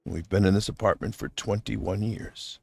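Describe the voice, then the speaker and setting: Gravelly, husky middle-aged man streaming. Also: fairly low pitch, steady tone, normal speed, a little mellow, no echo. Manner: rambling, heartfelt, addresses his absent wife directly. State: near tears. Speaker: livestream host. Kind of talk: unscripted emotional monologue.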